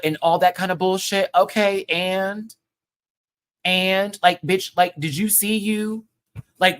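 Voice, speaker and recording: A man's voice: a little high, expressive, moderate pace, fairly bright tone. A man hosting a live review show, ranting in a sassy, heated and profane way full of slang. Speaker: show host reviewing a TV episode.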